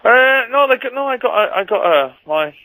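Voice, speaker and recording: A man's voice: very high-pitched, animated, a little fast, pushed and bright, dry recording, rough recording. A man chatting as a radio guest, telling rambling, dry anecdotes and laughing often. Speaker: guest on a radio sports phone-in. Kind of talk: casual chat.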